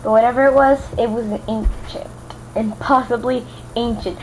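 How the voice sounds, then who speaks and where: An eager, bookish young unicorn mare with a bright, quick, raised voice, as a woman reader puts her on. She talks briskly and keenly, over a faint background hiss. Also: a little high, fairly even intonation, lightly acted, poor audio. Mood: puzzled. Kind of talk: fan reading with voiced characters.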